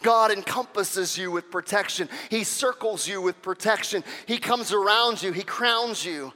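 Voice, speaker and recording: A male pastor preaching a sermon, swinging between loud, urgent passages and quiet, intimate asides. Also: high voice, a little slow, long reverb tail.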